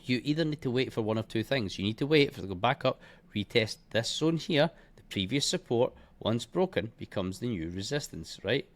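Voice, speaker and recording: A man walking through trading charts in a blunt, heavily profane and scornful way, punctuating points with bursts like boom and bish bash bosh. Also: expressive, brisk. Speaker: trading educator. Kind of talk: live chart walkthrough.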